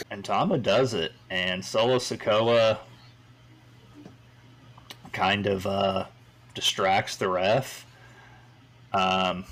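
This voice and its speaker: A man with a slightly low voice hosts a podcast, casually recapping wrestling matches. He rambles and fills his talk with hesitations and hedges. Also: fairly bright tone. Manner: rambling, with many fillers and hedges. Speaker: podcast host.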